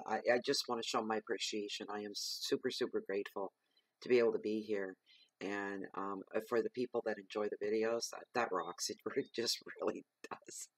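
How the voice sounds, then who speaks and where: Earnest low-voiced man reading tarot. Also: no room sound. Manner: emphatic, repetitive, earnest advice. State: coughing. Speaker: tarot reader. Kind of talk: weekly tarot reading monologue.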